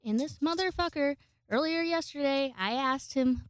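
A woman's voice: high voice, normal speed, no echo. A woman telling a rambling personal story in casual, profane chat, close to her microphone at home. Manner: chatty, profane, rambling with frequent fillers. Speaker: vlogger. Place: home, indoors.

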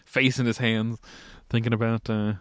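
A man's voice: mid-range voice, fairly bright tone, slightly rough, no echo. A man co-hosting a podcast, griping about sports with profane, sardonic humor. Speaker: podcast co-host. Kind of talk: casual sports chat.

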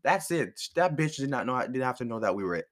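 Animated, foul-mouthed man telling a story. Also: mid-range voice, a little fast. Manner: animated, profane, laughs often. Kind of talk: casual storytime chat.

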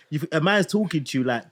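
A man's voice: fairly high pitch, lively intonation, a little fast, slight background noise. A man hosting a casual podcast chat, mostly listening and adding short agreement. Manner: supportive listener, frequent murmured agreement.

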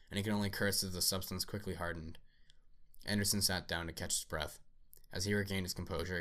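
A man reading a science fiction story aloud at a steady pace, with small slips. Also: low-pitched. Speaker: narrator.

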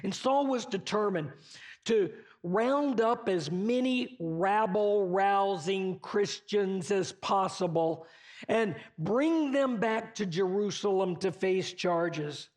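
A man's voice: high voice, slow pace. A man preaching a sermon, retelling a story in a conversational way with casual asides to the listeners.

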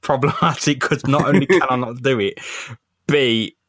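A young man co-hosting a podcast in casual, excitable chat full of jokes and swearing. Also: medium pitch, moderate pace, no room sound, clean studio sound. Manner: excitable, joking, heavy swearing. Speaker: podcast co-host.

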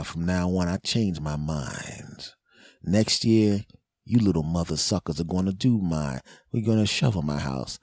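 A man's voice: low-pitched, a little mellow, slightly rough, no room sound, studio quality. A man in his forties hosting a podcast, delivering a comedic rant in a brash, profane, mock-threatening way. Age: 40s. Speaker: podcast host.

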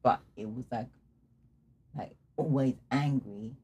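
A young man telling a personal story in casual conversation, candid and laughing through dark memories. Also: medium pitch, slow, breathy edge. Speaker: guest telling his story.

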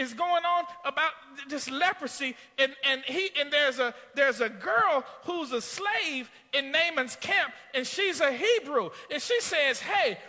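A male pastor preaching a storytelling sermon, rising into shouts. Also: very high voice, big-room sound.

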